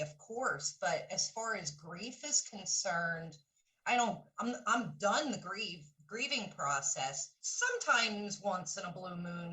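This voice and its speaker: A middle-aged woman caller from the Philadelphia area recounts a dream with earnest, vivid storytelling. Her voice is bright and forward, middling in pitch, and sits a little far from the microphone.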